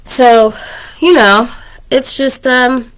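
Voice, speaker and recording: A woman's voice: high voice, very slow. A woman hosting her own podcast in casual, candid chat, laughing often and a little under the weather with a cough, speaking into a turned-down microphone. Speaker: podcast host. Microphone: microphone turned down low.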